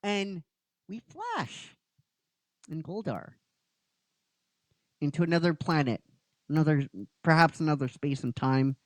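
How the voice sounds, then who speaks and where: A male host casually retelling a story with a lively, swinging pitch and an unhurried pace. He halts and restarts often and drops the odd swear word, all sounding dry and close to the mic. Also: no echo, rough recording. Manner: halting, with restarts, occasional swearing. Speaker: show host.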